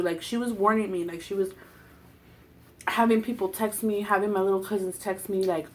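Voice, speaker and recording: A woman's voice: mid-range voice, fairly quick. Brief: woman, 20s, casual vlogger, profane and heated storyteller. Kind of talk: casual storytelling while eating.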